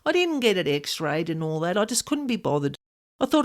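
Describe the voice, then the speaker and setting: A woman hosting a podcast, telling a personal paranormal experience in a casual, expressive way with many "like" fillers. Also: medium pitch, fairly quick. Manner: animated, expressive, frequent "like" fillers. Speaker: podcast host, paranormal specialist. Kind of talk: casual storytelling monologue.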